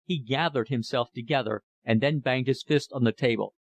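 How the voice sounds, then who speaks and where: A man narrating a classic novel as an audiobook, in a measured, even storytelling manner. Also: medium pitch, gravelly, no room sound.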